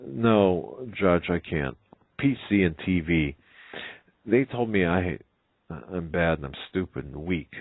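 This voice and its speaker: A man's voice: sits low, animated, slow pace, dry recording, full character voice. A man voicing a shy, unsure young male elephant in a read-aloud story. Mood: timid. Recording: tinny phone-like line.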